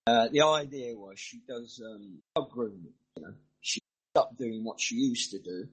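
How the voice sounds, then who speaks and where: Middle-aged man, mixed English accent, husky, rambling casual storyteller. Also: medium pitch, normal speed, rough recording. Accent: mixed northern and southern English. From English Midlands. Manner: rambling, chatty storytelling with asides. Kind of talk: casual chat.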